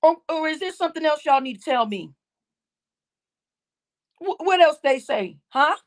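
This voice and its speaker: A woman's voice: high-pitched, animated, moderate pace. A woman hosting a livestream, scolding her viewers in a heated, indignant rant and repeating her points. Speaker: livestream host.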